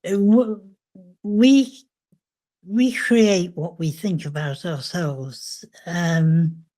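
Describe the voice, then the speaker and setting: Slow, thoughtful older woman. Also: on the low side, warm tone. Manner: slow, thoughtful, with frequent hesitations. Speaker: memoir author and guest. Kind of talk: reflective interview conversation.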